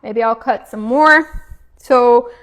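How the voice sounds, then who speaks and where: A woman with a slightly high voice chats her way through a home cooking demo. She talks loosely and casually as she works, and sometimes she is chewing. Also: slow pace. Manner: chatty, relaxed, talks while cooking and chewing. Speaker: cooking vlogger. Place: home kitchen.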